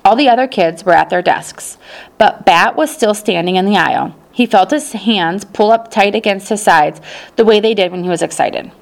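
A woman reading a children's novel aloud as narrator, telling the story in a steady, even way. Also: medium pitch, moderate pace, gravelly. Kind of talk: audiobook narration.

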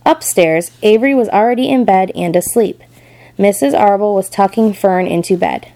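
A woman reading a storybook aloud in a calm, measured narrating voice. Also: mid-range voice, poor audio.

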